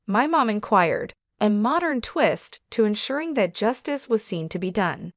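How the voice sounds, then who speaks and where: Woman narrating a story in a steady voice. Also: mid-range voice, normal speed, hardly any pauses, dry recording, clean studio sound. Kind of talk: scripted first-person story narration.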